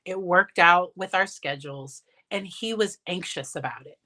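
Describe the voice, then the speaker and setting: A woman's voice: fairly low pitch, normal speed, bright, forceful tone. A woman psychologist talking casually in a livestream Q&A, chatty and candid, laughing often and restarting sentences, recorded on her phone. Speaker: licensed psychologist and parent.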